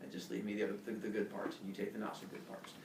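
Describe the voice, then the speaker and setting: A man's voice: on the low side, completely flat delivery, racing, creaky, a little mellow, a little hiss or hum. A man teaching a class, telling a myth playfully and quizzing his pupils as he goes. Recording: echoey classroom from far off.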